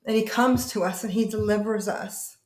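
A woman pastor telling her personal testimony in an interview, earnest and emotional, often halting and restarting. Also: mid-range voice, fairly even intonation, roomy sound.

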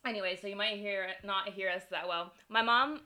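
A woman's voice: medium pitch, steady tone, moderate pace, bright, forceful tone. A woman co-hosting a podcast in casual chat, giggly and rambling, poking fun at herself while sharing one microphone. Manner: giggly, rambling and self-deprecating. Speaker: podcast co-host.

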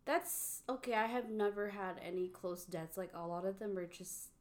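A young woman in casual chat, lively and reacting with short fillers. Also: mid-range voice, normal speed.

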